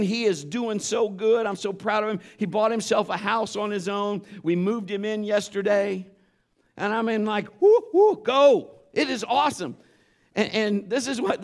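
A male preacher with a notably high-pitched voice delivers a conversational sermon. He is earnest and emphatic, leaning into key phrases as he mixes scripture with homespun personal anecdotes. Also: creaky.

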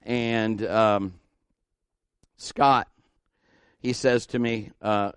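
A man's voice: on the low side, fairly even intonation, drawn-out words, long pauses, clean tone, no room sound. A middle-aged man preaching a folksy, emphatic sermon as pastor, repeating key words for stress.

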